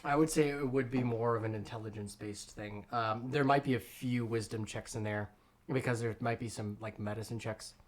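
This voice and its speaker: A man's voice: medium pitch, fairly even intonation, a little fast. Man narrating a tabletop game. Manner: hesitant, full of ums and likes. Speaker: game master.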